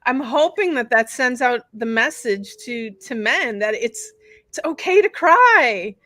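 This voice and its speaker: Chatty high-voiced woman, dry sound. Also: expressive, a little slow, sharp tone, no echo. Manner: chatty, rambling with fillers and restarts. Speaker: podcast co-host and bodywork practitioner. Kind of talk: casual chat.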